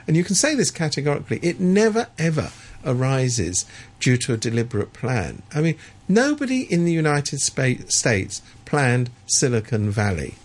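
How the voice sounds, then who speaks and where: A man's voice: mid-range voice, big pitch swings, moderate pace. A man giving sardonic, opinionated commentary in a radio studio, stammering and restarting as he talks.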